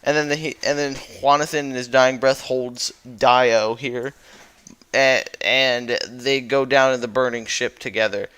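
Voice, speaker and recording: A man's voice: mid-range voice, steady tone, unhurried, fairly bright tone, clear, resonant tone. Rambling young man recapping a slideshow. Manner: rambling and goofy, with lots of fillers and self-corrections. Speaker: YouTuber. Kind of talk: casual recap over a slideshow.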